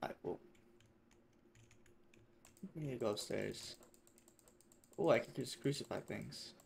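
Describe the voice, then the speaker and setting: A man giving casual, profane commentary while playing a game, swinging between mutters and excited shouts. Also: medium pitch, slow pace, gravelly, slight background noise. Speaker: gamer.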